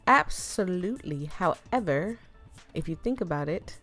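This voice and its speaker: A woman streaming a video game, chatting casually, laughing and thinking out loud as she plays. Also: fairly low pitch, expressive, measured pace, faint music behind. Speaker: gaming streamer. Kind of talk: casual let's-play commentary.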